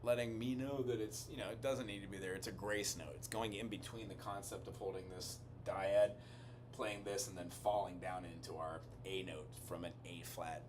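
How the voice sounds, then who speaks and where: A man's voice: low voice, fairly even intonation, moderate pace, background noise. A man giving a casual music lesson, explaining chords and melody as he thinks aloud. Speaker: music teacher. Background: piano music.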